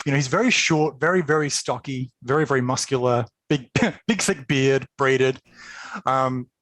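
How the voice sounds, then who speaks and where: A man's voice: medium pitch, fairly bright tone, dry recording. A man narrating a tabletop role-playing game as game master, chatty and laughing, with many fillers.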